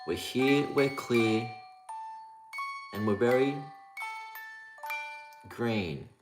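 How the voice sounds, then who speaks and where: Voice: mid-range voice, animated, very slow. A livestream host chatting casually, greeting viewers by name in a sing-song, rhyming patter. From Australia (Victoria). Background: music playing.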